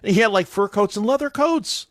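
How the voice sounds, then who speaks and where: A male radio host chatting casually on a morning show and telling a story with lively acted-out voices. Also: high voice, brisk, no echo, clean studio sound. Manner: animated storytelling, acts out voices.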